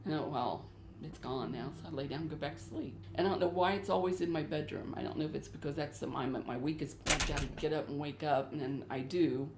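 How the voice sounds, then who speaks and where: Gravelly middle-aged woman, anxious storyteller. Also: deep voice, fast. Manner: earnest, anxious storytelling with repeated phrases. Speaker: homeowner describing hauntings. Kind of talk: recounting experiences on a paranormal show. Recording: echoey room with faint noise.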